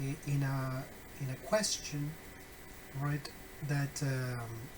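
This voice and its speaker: A man teaching phonetics in a recorded online lesson, deliberate and full of fillers and self-corrections, with wry, friendly asides to his students. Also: on the high side, a little hiss or hum, low-quality recording.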